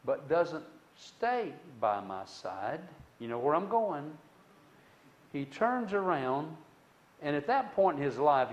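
Man, fairly high voice, storytelling testimony, animated, loud-to-hushed swings, chatty asides. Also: dull audio. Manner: conversational, with frequent restarts and asides to the listener.

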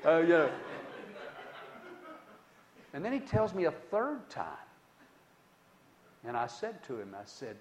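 A man telling a personal testimony story in a conversational way, with dramatic swings between loud and hushed delivery and many asides to the listener. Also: fairly high pitch, huge pitch swings, takes it slowly, long pauses, a little hiss or hum.

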